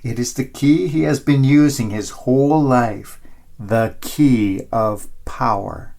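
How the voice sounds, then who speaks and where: A man, a priest, giving a homily and retelling a satirical story. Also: gravelly. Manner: slow, expressive storytelling with wide pitch swings. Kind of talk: sermon storytelling.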